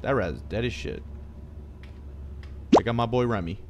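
Jittery young man with a lively voice. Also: fairly low pitch, unhurried, over loud music. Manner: jittery, swears often, talks to himself. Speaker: gaming streamer. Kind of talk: horror game commentary.

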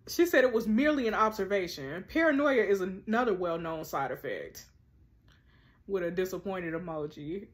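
Sassy woman reading and reacting. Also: fairly low pitch. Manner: sassy, animated, quick-tempered commentary with slangy asides. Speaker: host. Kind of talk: reading a text-message story game aloud with reactions.

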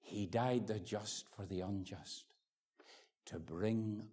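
A Northern Irish man in his fifties preaching an evangelistic sermon, swinging from ringing pleas to hushed near-whispers. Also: lowish voice, slow, breathy edge. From Northern Ireland. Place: church hall. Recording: echoey hall with long reverb.

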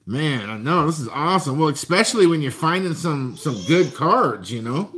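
A man chatting casually to viewers while opening a box of trading cards. He gets excited and shouts over good finds. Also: fairly high pitch, normal speed. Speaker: card collector vlogger.

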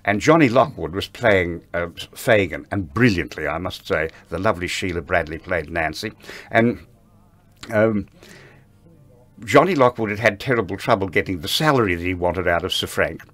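An older man with a fairly low voice tells backstage anecdotes in an interview. He is a lively raconteur who slips into the voices of the people he remembers. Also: normal speed. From Australia. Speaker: interview guest, ballet veteran.

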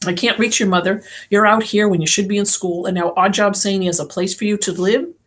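A woman's voice: mid-range voice, steady tone, fairly quick, natural voice. Give me a woman voicing a stern, caring doctor dad in an audiobook, firm and questioning. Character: stern caring middle-aged male doctor, a father. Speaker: audiobook reader. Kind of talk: audiobook character voice.

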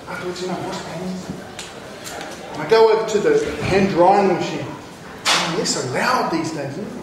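New Zealand man with a high voice, guest speaker at a school, animated storyteller, heard from far off in a very echoey, noisy hall. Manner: lively, joking, acts out scenes. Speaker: guest speaker, children's author. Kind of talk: storytelling talk to students.

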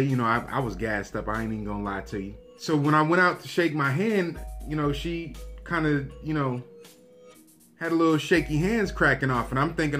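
A young man vlogger telling a story to his viewers, animated and profane, acting out the lines of the people in it. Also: on the high side, a little fast, faint music behind. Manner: animated, profane, acts out quotes. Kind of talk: casual storytelling to camera.

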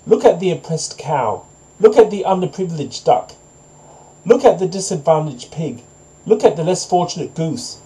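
A man's voice: a little high, lively intonation, moderate pace, dark tone, lightly acted, rough recording. A man voicing a male farmer who lectures a hen in a storybook reading. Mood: lecturing. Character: preachy, scolding male farmer.

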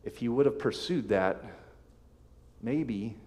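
A man preaching a sermon as pastor, reading scripture aloud with emphatic swells and sudden soft drops. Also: mid-range voice, lively intonation, takes it slowly. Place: church sanctuary. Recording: long hall reverb.

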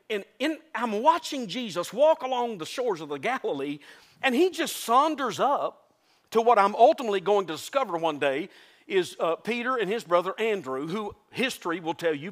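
A preacher from delivers a sermon to his congregation in a high, ringing voice. His pitch swoops up and down as he stirs the crowd. He mixes fervor with jokes and stumbles into quick restarts as he presses his point. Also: a bit bright. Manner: impassioned, joking, repeats and restarts words. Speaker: pastor. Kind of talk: lively Southern revival sermon. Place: church sanctuary before a congregation.

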